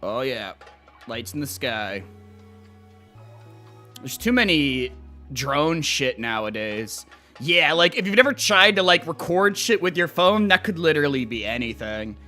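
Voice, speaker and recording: A man's voice: a little high, sing-song, unhurried, bright, forceful tone, faint music behind. A young man livestreaming, chatting casually and rambling, swearing freely as he reacts to clips and reads chat. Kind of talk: casual live-stream chat.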